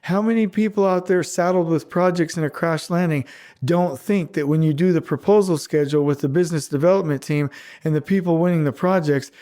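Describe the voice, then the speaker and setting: Angry guy ranting on his podcast, forty-ish, blunt, says stuff over and over, kinda high voice. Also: mellow. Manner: blunt, combative, repeats points for emphasis. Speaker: podcast host. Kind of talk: fired-up podcast rant.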